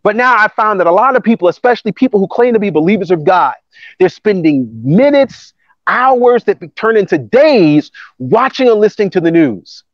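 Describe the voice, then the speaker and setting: A man preaching a sermon with lively emphasis and repeated phrases. His voice sits high for a man. The recording is dry and close, with a slightly dull, muffled top end. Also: normal speed, no room sound. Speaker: pastor. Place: church campus building.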